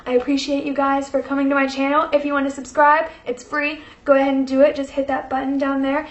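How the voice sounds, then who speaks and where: A woman's voice: high voice, little pitch movement, quick pace, echoey room, muffled recording. A young woman vlogger telling a personal story in casual chat, full of fillers, emotional and close to tears. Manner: chatty, many fillers, tearful and laughing.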